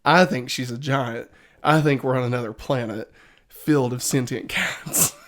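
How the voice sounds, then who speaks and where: A woman's voice: very deep voice, normal speed. A woman co-hosting a podcast, chatting casually and breaking into laughter often. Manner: giggly, animated, keeps breaking into laughter. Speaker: podcast co-host. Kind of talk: casual chat.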